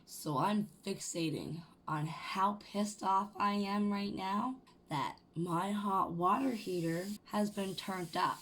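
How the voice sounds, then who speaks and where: A young adult woman ranting to camera in a casual vlog, swearing, restarting her sentences and jumping to loud bursts. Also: mid-range voice, takes it slowly, few pauses. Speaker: vlogger.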